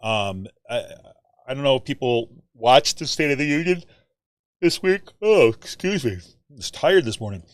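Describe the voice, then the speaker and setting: A man hosting a political podcast, talking in an animated, rambling way with lots of fillers and tag questions like "right?". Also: mid-range voice, normal speed, no room sound. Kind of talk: casual political commentary.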